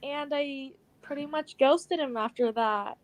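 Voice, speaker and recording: A woman's voice: high voice, slow pace, poor audio. A woman in her twenties telling a story in casual chat, full of "like"s and acted-out quotes. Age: 20s. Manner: chatty, many "like"s, acts out quotes. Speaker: co-host.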